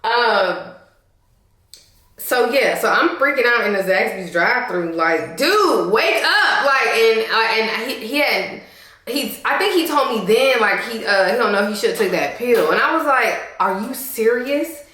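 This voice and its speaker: A woman's voice: medium pitch, normal speed. Sassy woman in an echoey room. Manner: animated, sassy, addresses viewers directly. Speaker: vlogger. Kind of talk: storytime chat to camera.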